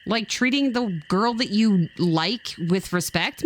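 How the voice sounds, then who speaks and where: A woman streamer giving casual game commentary in an animated, sarcastic way, with plenty of swearing. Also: medium pitch, slow, hardly any pauses, slight background noise.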